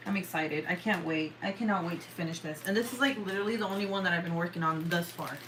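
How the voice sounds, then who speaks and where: A woman's voice: fairly low pitch, fast talker, background noise. A woman in her thirties chatting casually at home while she works on a craft, frank and sweary, sighing and laughing often. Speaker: vlogger. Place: home, at a table.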